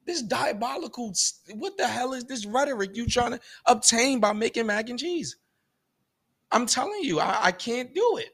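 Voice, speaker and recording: Young ny guy on his podcast, high voice, cussing and firing off questions, fed up. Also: very animated, a bit bright. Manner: profane, exasperated, rapid-fire rhetorical questions. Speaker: podcast host. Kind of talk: solo comedic rant.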